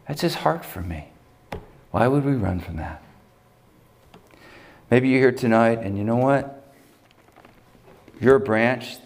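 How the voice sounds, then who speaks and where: Low-voiced man preaching a sermon. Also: a little mellow. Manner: emphatic, conversational, pitch rises when stirred. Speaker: pastor. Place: church sanctuary.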